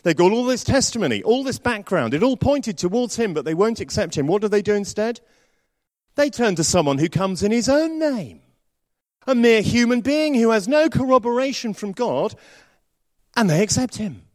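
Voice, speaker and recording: Male preacher, sounding, animated pitch, dry close sound, storytelling sermon. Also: moderate pace, no room sound. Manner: storytelling with varied, lively delivery.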